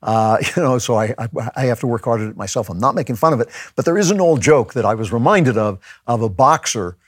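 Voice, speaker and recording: Male podcast host, husky, dry close sound, thinking aloud with restarts. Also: mid-range voice, lively intonation, quick pace, no room sound. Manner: conversational, musing, with frequent restarts. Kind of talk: reflective spoken monologue.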